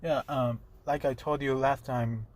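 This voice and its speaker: A man voicing a nervous, secretive teenage boy hero who speaks in a halting, hesitant way. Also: mid-range voice, steady tone, lightly acted.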